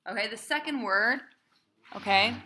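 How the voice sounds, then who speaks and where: A woman cantor teaching a small class how to chant Torah trope, chatty and encouraging, often checking with "right?" and singing phrases slowly. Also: a little high, background noise. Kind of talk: informal small-group class.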